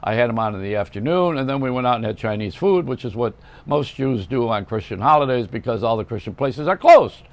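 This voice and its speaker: An older man hosts a storytelling monologue, drifting from one anecdote to the next. His voice is gravelly and his pitch moves with lively swings. He keeps restarting phrases and correcting himself as he goes. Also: a little fast. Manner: rambling, self-correcting anecdotes. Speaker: radio host.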